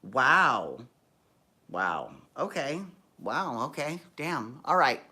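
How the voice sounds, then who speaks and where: Low-voiced woman doing a campy gossipy show recap, sassy, rambles and corrects herself a lot. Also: big pitch swings, extremely slow, bright, forceful tone, slightly rough. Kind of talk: casual TV recap chat.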